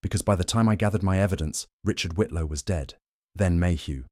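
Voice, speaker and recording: A man's voice: deep voice, a little fast, darkish tone, no echo, clean studio sound, close to an everyday voice. A man voicing a bitter middle-aged rival collector who speaks with indignation.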